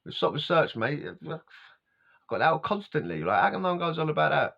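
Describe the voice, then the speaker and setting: A man's voice: a little high, very animated, fairly quick, gravelly, a bit bright. A man telling a story in a rambling, slangy way, often chuckling as he talks. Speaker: vlogger telling a life story. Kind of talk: casual storytelling monologue. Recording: dull lo-fi sound.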